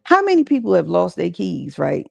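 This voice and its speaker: A woman speaks at a church gathering about mental health, her voice carrying a gravelly, fry-tinged edge. She talks in a conversational, encouraging way and keeps turning to the listeners with casual asides. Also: fairly low pitch, wildly swooping pitch, normal speed. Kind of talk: church talk session. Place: church gathering with audience responses.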